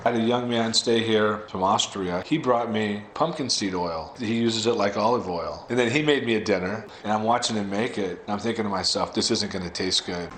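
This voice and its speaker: A man's voice: lowish voice, a little fast, hardly any pauses, fairly bright tone, slight background noise. A man chatting about hosting guests in a casual interview. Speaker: interviewee, couch-surfing host. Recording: echoey room.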